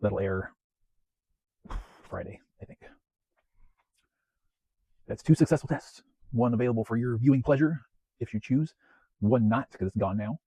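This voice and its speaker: Husky, mellow-voiced man rambling casually. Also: medium pitch, moderate pace, long pauses, dry recording, low-quality recording. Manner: chatty, self-deprecating, clears throat often. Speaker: home media collector vlogger. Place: home, West Coast of the US.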